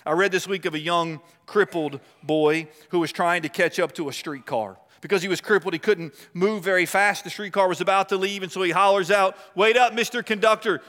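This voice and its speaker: A man preaching a sermon with impassioned delivery, swinging between loud and hushed. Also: a little high. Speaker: pastor. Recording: long reverb of a large hall.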